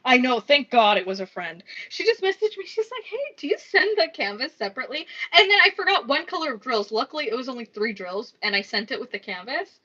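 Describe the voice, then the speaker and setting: A woman's voice: a little high, big pitch swings, fast, hardly any pauses, sharp tone. A woman chatting casually on a live stream while crafting, rambling, swearing freely and muttering counts under her breath. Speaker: livestreaming crafter. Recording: dull lo-fi stream audio.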